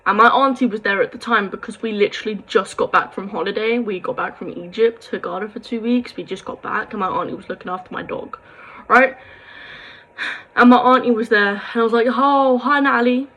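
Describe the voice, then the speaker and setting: A woman's voice: mid-range voice, brisk, a bit bright, low-quality recording. A young woman, rambling through a sad personal story to camera, full of quoted dialogue and sighs. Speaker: vlogger.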